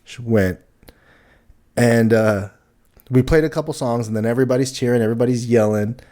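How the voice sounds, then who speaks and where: A man's voice: mid-range voice, brisk, warm tone. A man with an average voice chats easygoingly, laughing often. He is a podcast co-host telling stories from his band days. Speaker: co-host, musician. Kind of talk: casual podcast chat.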